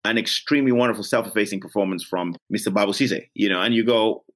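Low-voiced man from Gambia, blunt and earnest. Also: quick pace. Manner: blunt, earnest, self-reflective. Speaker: actor, interview guest. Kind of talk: candid reflective interview talk.

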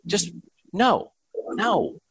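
A man's voice: high-pitched, very animated, extremely slow, creaky, a bit bright, slightly rough, no echo. Agreeable man in a dry, close sound. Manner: agreeable, anecdotal, hesitant restarts. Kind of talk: casual conversation.

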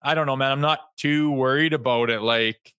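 A man co-hosting a sports podcast, talking in a heated, animated way and mocking critics in put-on voices. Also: mid-range voice, moderate pace, smooth, dry recording. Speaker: co-host.

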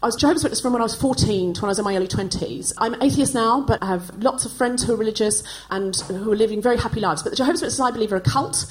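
Woman, 40s, from Australia, stand-up comedy host, animated self-mocking storytelling, slightly high-pitched. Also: very fast, few pauses, a little hiss or hum, poor audio. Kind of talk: live stand-up comedy monologue. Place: live stage before an audience.

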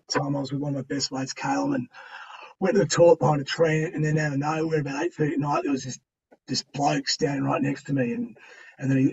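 Husky Australian man, distant and muffled. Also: a little high. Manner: slangy and conversational, with many pauses and restarts. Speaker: podcast guest. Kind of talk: candid storytelling. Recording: distant, dull-sounding mic.

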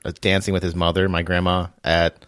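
A man telling profane, comic stories in a casual podcast chat, putting on quick voices. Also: low voice, little pitch movement, fairly bright tone, no echo, clean studio sound. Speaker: podcast co-host; realtor.

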